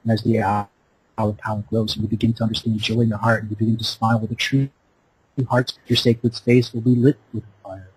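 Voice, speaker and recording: Male host, gravelly-husky, slightly low voice, chanting spiritual monologue, dry close sound. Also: level tone, fairly quick, no echo, poor audio. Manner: incantatory, repetitive, preaching cadence. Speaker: radio show host. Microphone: Skype call.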